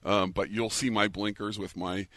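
Low bright-voiced male co-host. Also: steady tone, normal speed, dry recording. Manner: anecdotal, laughs as he tells stories. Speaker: radio co-host and racehorse owner. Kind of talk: casual storytelling chat.

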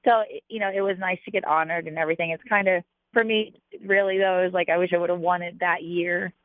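A woman's voice: fairly low pitch, fast talker, dry recording. A woman jockey being interviewed, telling stories chattily with lots of fillers. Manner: chatty, animated, with many fillers. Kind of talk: casual interview storytelling. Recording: dry, tinny phone-like line.

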